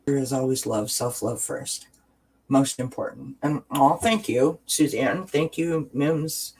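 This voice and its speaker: Speaking into a webcam, a man hosts a wellness livestream in casual chat, earnest, heartfelt and encouraging, rambling and restarting as he goes. His medium-pitched voice is a little mellow and slightly rough, and he takes things slowly. The recording itself is rough.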